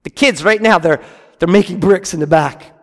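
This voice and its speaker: A man's voice: sits high, normal speed. A man preaching a sermon as pastor, emphatic and conversational, with asides to his congregation. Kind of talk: sermon with scripture reading. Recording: reverberant hall.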